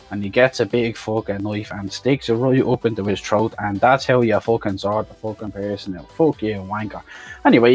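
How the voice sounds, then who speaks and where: A man's voice: on the low side, a little mellow, slightly rough. A man giving a profane, mocking comic recap of a film as a reviewer. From Ireland. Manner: sweary, ranting, mocking.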